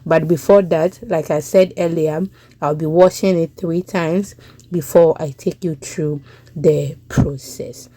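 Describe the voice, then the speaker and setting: A woman's voice: low-pitched, steady tone, measured pace, warm tone, dry recording. A young Ghanaian woman with a Ghanaian English accent, chatting through a cooking voice-over as a home cook and checking in with listeners.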